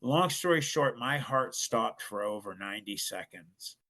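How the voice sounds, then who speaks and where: A man's voice: mid-range voice, animated, unhurried, sharp tone. A middle-aged man, a podcast guest, earnestly telling a personal story.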